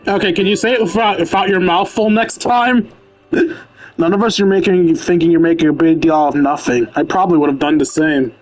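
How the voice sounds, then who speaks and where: Game streamer, dry sarcastic commentary, mid-pitched voice. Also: brisk. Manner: sarcastic, deadpan wisecracks. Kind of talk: casual live-stream commentary over a game.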